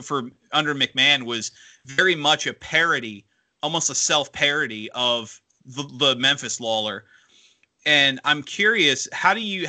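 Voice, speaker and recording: A man co-hosting a wrestling talk show, asking long, halting questions with many restarts. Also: medium pitch, bright, forceful tone. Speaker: podcast co-host interviewer. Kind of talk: casual interview.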